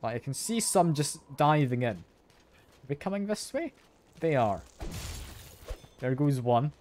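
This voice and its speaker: A man's voice: on the high side, sing-song, measured pace, slight background noise. Chatty Scottish man streaming games. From Scotland. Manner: chatty, self-deprecating, answers chat aloud with soft laughs. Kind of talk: casual live-stream chat while gaming. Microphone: sensitive desk mic.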